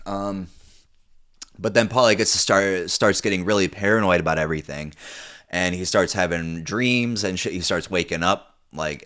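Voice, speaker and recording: A man's voice: low-pitched, a bit bright. A young man reviewing a TV show in casual, rambling commentary, swearing freely and full of fillers and restarts.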